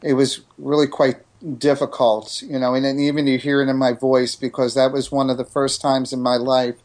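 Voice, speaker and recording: A man's voice: medium pitch, little pitch movement, normal speed, darkish tone. A man from New Jersey, a psychic medium guest, telling stories earnestly in casual interview talk with frequent restarts.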